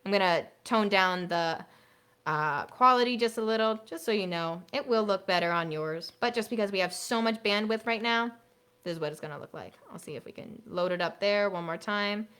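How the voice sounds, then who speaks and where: A woman music teacher leading a live online workshop for other teachers, chatty and playful, dropping to a soft hushed voice to demonstrate classroom routines through a computer mic. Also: mid-range voice, normal speed, smooth.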